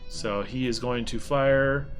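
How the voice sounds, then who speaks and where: Brief: laid-back male game master, mid-pitched, faint music underneath. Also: slow. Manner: relaxed narration with many "um"s. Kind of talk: narrating a tabletop game.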